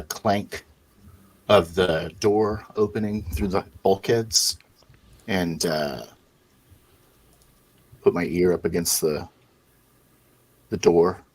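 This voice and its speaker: Brief: low, husky male voice, unhurried and hesitant, narrating his character's search. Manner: slow, hesitant, many fillers. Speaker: player. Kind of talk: tabletop game play, describing actions.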